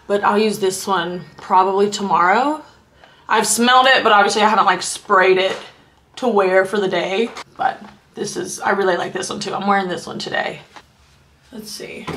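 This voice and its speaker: A woman's voice: medium pitch, fairly bright tone. A woman beauty vlogger chatting casually at home, gushing over products and filling her talk with "like" and "you guys". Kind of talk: casual haul vlog chat. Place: her apartment.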